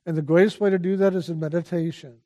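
An older man with a slightly high voice gives a calm, unhurried spiritual talk as a teacher, over a muffled recording. He keeps urging listeners to pay attention.

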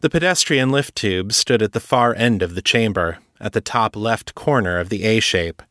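A man narrating a serialized fiction story in a steady, even manner. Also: on the low side, normal speed, no room sound, clean studio sound. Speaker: audiobook narrator.

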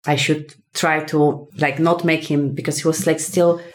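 A woman, a podcast guest telling a personal story in a casual, animated way, full of fillers and acted-out dialogue. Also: sits low, moderate pace. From Poland. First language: Polish. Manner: animated, acts out quoted dialogue, many fillers.

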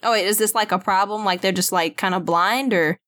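A woman playing a tabletop role-playing game, thinking aloud with laughs and halting restarts. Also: mid-range voice, a bit bright. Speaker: player. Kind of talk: casual tabletop role-play chat.

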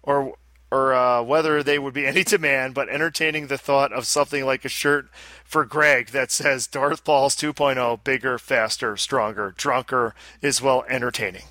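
A man's voice: mid-range voice, fairly even intonation, normal speed, sharp tone, dry recording. A man co-hosting a casual podcast, reading listener letters aloud and breaking in with joking asides. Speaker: podcast co-host.

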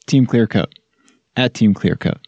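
A man's voice: lowish voice, a little slow, dark tone, dry recording, highs cut off. A man co-hosting a casual podcast, joking and rambling with lots of fillers, recorded at home. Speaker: podcast co-host. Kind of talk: casual chat. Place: home blanket fort.

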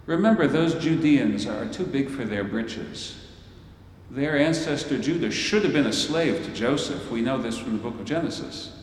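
A man's voice: medium pitch, expressive, moderate pace, slight background noise. A man preaching a storytelling sermon in a large worship hall, theatrical and wry, with playful asides. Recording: echoey hall from far off.

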